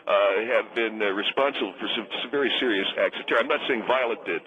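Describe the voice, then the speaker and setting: A man's voice: medium pitch, quick pace, sharp tone, dull audio, pitched below the performer's own voice, natural voice. A man playing a pompous, bigoted, snobbish frequent flyer who talks in a smug, rambling, bullying way on a radio comedy bit.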